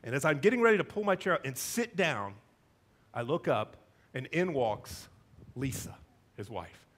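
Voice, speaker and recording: A middle-aged man preaching a sermon, telling a self-deprecating story in an animated, conversational way. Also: medium pitch, moderate pace. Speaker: pastor.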